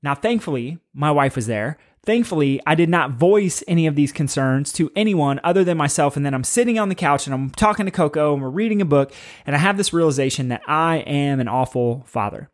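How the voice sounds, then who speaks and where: A man's voice: a little high, animated, brisk. A man in his thirties hosting a podcast, telling a personal story in a candid, self-critical, rambling way. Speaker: podcast host, father. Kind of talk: casual storytelling monologue.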